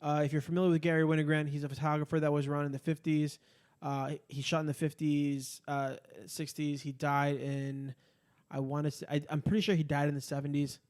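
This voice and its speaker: A man co-hosts a podcast in loose, rambling chat. He curses freely and rants with heat. His voice sits a little high for a man. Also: fairly quick. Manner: profane, rambling, animated ranting. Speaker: podcast co-host. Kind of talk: casual chat.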